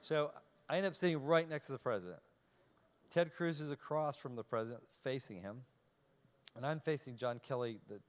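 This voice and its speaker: A man giving a talk to a youth audience, telling a self-deprecating anecdote in a lively way and acting out each exchange. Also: mid-range voice. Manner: animated storyteller, self-deprecating, acts out dialogue. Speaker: keynote speaker. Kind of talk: humorous anecdote told to a live audience.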